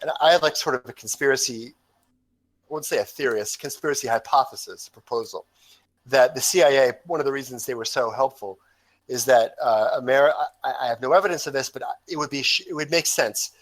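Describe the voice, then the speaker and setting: A man's voice: medium pitch, fairly quick. A man in a casual podcast discussion, talking hesitantly with many fillers and restarts.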